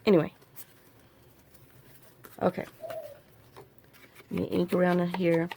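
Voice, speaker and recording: A middle-aged woman hosts a crafting video in a low, dark voice with completely flat delivery, taking it slowly. Slight background noise is present as she rambles to herself while working in casual tutorial chat.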